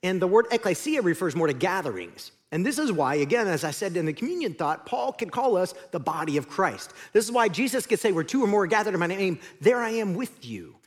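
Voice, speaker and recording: A man's voice: sits high, sing-song, fairly quick, hardly any pauses. A man preaching a sermon as the pastor, conversational and joking, speaking in a large church auditorium.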